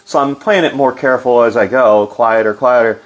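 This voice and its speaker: A man's voice: medium pitch, brisk. Middle-aged guy, casual storytelling, lots of likes and ums, perks up doing quotes. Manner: animated, acts out quotes in livelier voice; loose, filler-heavy delivery. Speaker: interview guest.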